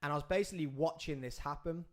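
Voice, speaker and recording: A man, hosting a podcast and telling a story in an animated, excitable way, with big swings in pitch and loudness as he acts out the scenes. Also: quick pace. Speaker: podcast host.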